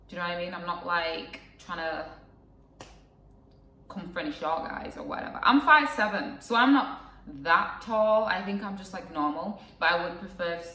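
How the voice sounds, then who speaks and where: A woman's voice: on the low side, pushed and bright, reverberant, far from the mic. A young woman telling a personal story to camera in a casual, rambling way, with lots of fillers and asides. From England. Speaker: vlogger.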